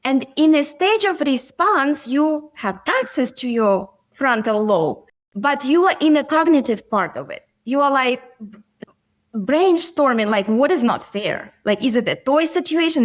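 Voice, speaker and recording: A middle-aged woman, a physician and coach, telling stories earnestly in a podcast interview. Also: high voice. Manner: earnest, storytelling, occasional grammar slips.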